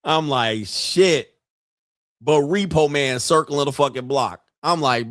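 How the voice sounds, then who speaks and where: A man's voice: on the high side, slow pace, fairly bright tone, no room sound. Profane joking male stream host. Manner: profane, joking, acts out quoted voices. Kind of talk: casual live-stream rant. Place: home studio.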